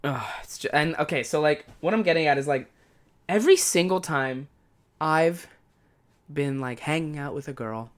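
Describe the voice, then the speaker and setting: A podcast host with a fairly high voice talks at a moderate pace in a casual monologue, ranting in a profane, exasperated and comic way.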